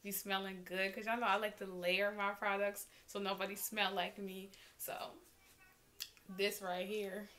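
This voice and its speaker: A woman vlogger talking casually and excitedly to her viewers as she unboxes and tries on a small clothing haul. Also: medium pitch. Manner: chatty and excitable, talks straight to viewers.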